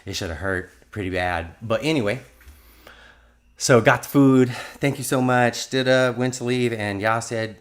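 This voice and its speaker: Man, 50s, very deep voice, religious testimony, earnest, rambling, restarts his sentences. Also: moderate pace. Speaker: testimony speaker.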